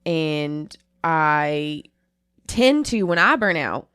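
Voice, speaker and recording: A woman's voice: low-pitched, expressive, very slow, fairly bright tone, clean tone, no echo, clean studio sound. Candid, rambling woman chatting on a podcast. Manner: rambling, self-interrupting, candid. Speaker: podcast co-host. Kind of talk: casual chat.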